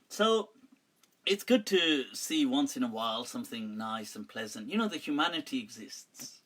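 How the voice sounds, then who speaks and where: Lively laughing man, bright voice. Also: mid-range voice, moderate pace. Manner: animated, laughs often, rants with mock exasperation. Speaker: mufti answering viewer questions. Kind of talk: live Q&A chat.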